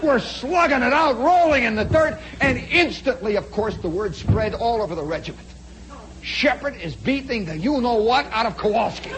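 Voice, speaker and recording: A man spins a long personal yarn with plenty of drama, his voice sitting high for a man. He swings from loud, punchy bursts to quiet asides and keeps turning to the listener. A faint hiss sits under the voice. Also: animated, normal speed, rough recording. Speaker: storyteller. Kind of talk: spoken storytelling monologue.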